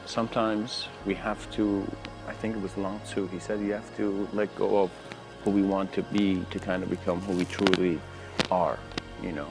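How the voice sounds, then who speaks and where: Man with a lowish voice, laid-back rambling lecturer, loud music underneath. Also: normal speed, creaky, poor audio. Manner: relaxed, rambling, many fillers. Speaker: spiritual lecturer. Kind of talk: casual spoken lecture with storytelling. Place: outdoors near train tracks.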